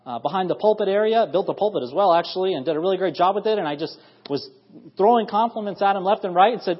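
A man's voice: high-pitched, expressive, very fast, husky. A man in his thirties preaching an evening church sermon, earnest and rising to emphatic bursts of praise. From United States. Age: 30s. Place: church sanctuary. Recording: dull lo-fi audio in a reverberant church hall.

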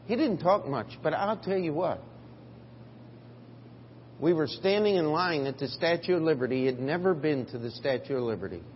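A man's voice: a little high, expressive, moderate pace, a little hiss or hum. Preacher man in an echoing hall. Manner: storytelling, swings from quiet to loud. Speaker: pastor. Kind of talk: sermon. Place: church sanctuary. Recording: dull audio in a reverberant hall.

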